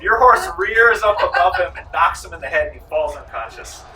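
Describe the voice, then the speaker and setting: A man running a tabletop game as game master, telling the action with animated energy and shouting out the characters' lines. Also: high voice, fairly quick, echoey room, recorded from a distance, noisy background. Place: large room, library program.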